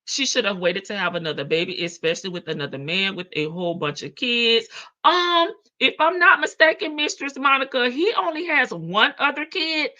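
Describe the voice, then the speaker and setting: A woman's voice: medium pitch, pushed and bright, muffled recording. A woman hosting a livestream, chatting casually, greeting viewers by name and laughing often. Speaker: livestream host. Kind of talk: casual chat reading out live comments.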